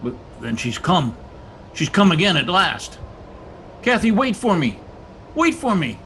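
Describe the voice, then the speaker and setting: A man playing a gruff, gravelly moorland master. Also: fairly high pitch, expressive, unhurried, bright, forceful tone, slight background noise, full character voice. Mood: frantic. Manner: curt, gruff. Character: brooding, harsh master of a moorland house. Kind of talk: 1930s-style radio drama acting.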